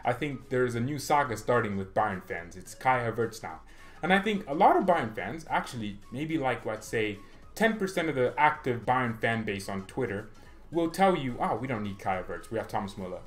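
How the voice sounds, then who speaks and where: A young man hosting a football fan vlog, animated and opinionated, laughing often and acting out players. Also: mid-range voice, moderate pace, faint music behind. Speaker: football fan channel host.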